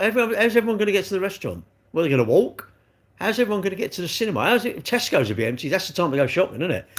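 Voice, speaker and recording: A middle-aged man, chatting on a live stream and ranting with rhetorical questions. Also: medium pitch. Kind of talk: casual live-stream chat.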